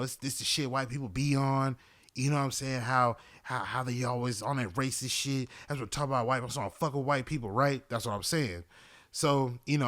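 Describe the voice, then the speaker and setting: A young man hosting a podcast, telling a story in a casual, animated and profane way. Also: mid-range voice. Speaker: podcast host.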